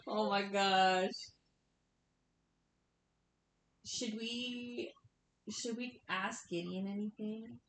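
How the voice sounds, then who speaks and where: A woman's voice: steady tone, fairly bright tone. A woman playing a curious, wary adventurer. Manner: slow, drawn-out. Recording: echoey room, faint rumble.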